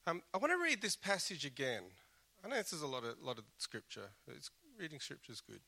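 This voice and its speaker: Bright-voiced man preaching a sermon. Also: fairly high pitch, huge pitch swings, a little fast, creaky. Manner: earnest, conversational with self-deprecating asides. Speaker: pastor.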